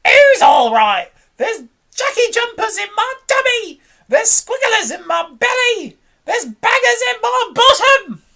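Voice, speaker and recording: A woman voicing a grumpy old grandmother who yells in shrill panic, as in a storybook read aloud. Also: very animated, slow, few pauses, full character voice. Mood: outraged. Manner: shrill frantic shouting.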